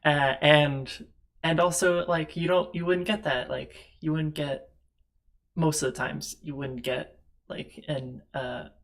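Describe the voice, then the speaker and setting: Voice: mid-range voice, steady tone, takes it slowly, creaky, fairly bright tone. A host of a streamed tabletop game show, chatting casually and rambling with frequent laughs, from a home setup with two monitors. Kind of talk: casual chat on a live stream.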